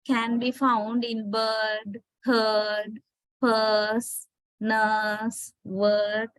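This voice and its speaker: Slow, patient woman lecturing on phonetics. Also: medium pitch, no room sound. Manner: patient, checks understanding with "right?"; spells out words letter by letter.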